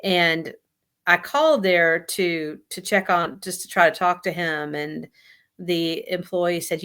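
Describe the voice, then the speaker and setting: A woman guest giving an emotional personal account in an interview, speaking haltingly with many pauses and fillers. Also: fairly low pitch, a bit bright, clean tone. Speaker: guest sharing lived experience of suicide loss.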